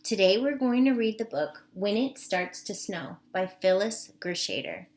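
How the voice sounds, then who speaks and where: A woman kindergarten teacher reading a picture book aloud to young children, slow and expressive with sing-song questions. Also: medium pitch.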